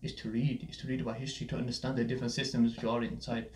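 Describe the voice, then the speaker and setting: Male podcast host, rapid, storytelling style, roomy echo, medium pitch. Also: flat delivery. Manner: storytelling, many fillers and asides. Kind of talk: casual podcast chat.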